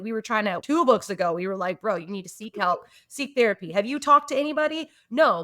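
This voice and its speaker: A woman co-hosting a casual book podcast, venting hard and swearing freely. Her voice sits in an ordinary middle pitch. It is recorded dry and close, with no room sound. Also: a bit bright, no echo. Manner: ranting, frequent swearing. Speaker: podcast co-host.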